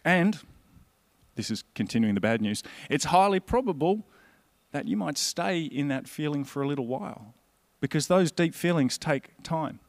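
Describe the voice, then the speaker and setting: A man gives a conversational, earnest sermon, his voice slightly high, gravelly and expressive, at a moderate pace. It's a dry, close recording with hardly any sense of the room.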